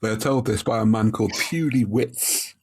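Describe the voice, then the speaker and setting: A very low-pitched man with a husky, breathy edge to his voice. He talks through a story's plot at an even, careful clip as a podcast co-host, easygoing and conversational. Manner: measured, retells plots step by step. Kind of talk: casual book discussion.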